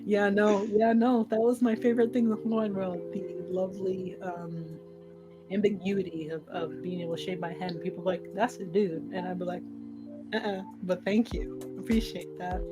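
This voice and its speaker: A young woman co-hosting a podcast, chatting casually with a friend, animated and laughing, swearing freely. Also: medium pitch, normal speed, over music. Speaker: podcast co-host. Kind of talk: casual chat between friends.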